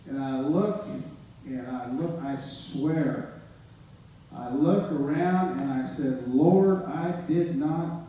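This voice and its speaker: A man's voice: sits high, darkish tone, a little hiss or hum. A man giving a personal testimony, casual and slangy, acting out the dialogue as he tells it. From United States. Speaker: testimony speaker. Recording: echoey hall, voice from far off.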